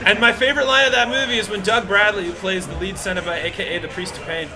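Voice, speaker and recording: High-voiced, excitable male stream host. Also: fast talker. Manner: joking, rambling and excitable. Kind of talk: casual live-stream chat. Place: arcade.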